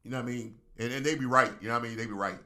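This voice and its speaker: A middle-aged man, a reverend co-hosting a talk show, telling stories in a casual, animated way with frequent laughs. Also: mid-range voice, rapid-fire. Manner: animated storyteller, laughs often, acts out voices. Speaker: co-host, reverend. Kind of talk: casual chat.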